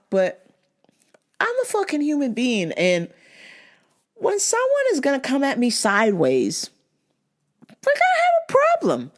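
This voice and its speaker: A young adult woman hosting a vlog, telling a story in a blunt, profane, animated way. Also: on the high side, measured pace, long pauses. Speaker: vlog host. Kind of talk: casual storytelling monologue.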